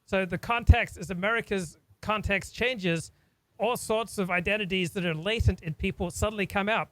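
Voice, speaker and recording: A man's voice: high-pitched, fairly bright tone, dry recording, rough recording. A man from Australia hosting a talk, speaking in an earnest, reflective way and often repeating words as he thinks. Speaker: host. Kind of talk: casual discussion.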